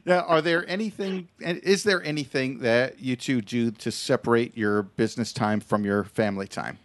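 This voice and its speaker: A man's voice: medium pitch, normal speed, no room sound. Joking male host, dry close sound. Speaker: interview host. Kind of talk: casual interview chat.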